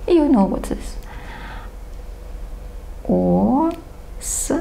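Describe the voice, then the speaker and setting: A woman's voice: medium pitch, sing-song, slow pace, creaky, pauses often, darkish tone. A woman teaching a recorded language lesson, speaking in careful, slightly non-native English and patiently reading word lists aloud.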